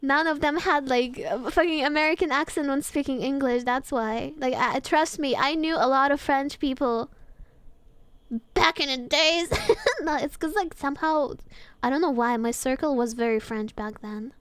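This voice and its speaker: A woman's voice: high voice, normal speed, fairly bright tone, no echo. A woman streamer chatting casually as she reacts to a video, laughing often and swearing freely.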